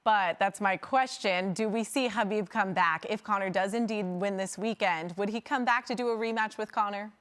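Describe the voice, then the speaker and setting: A woman's voice: medium pitch, normal speed, few pauses, fairly bright tone. A woman hosting a sports panel show, friendly and playful with the guest. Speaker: show host. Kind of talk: casual sports panel chat.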